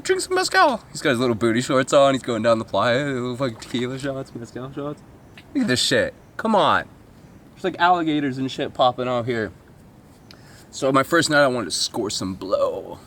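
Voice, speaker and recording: A man at middle pitch tells a comic travel story as a vlogger, rambling, swearing and making fun of himself. He drifts into asides and mimicked voices as he goes, recorded outdoors. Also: fairly bright tone, a little hiss or hum.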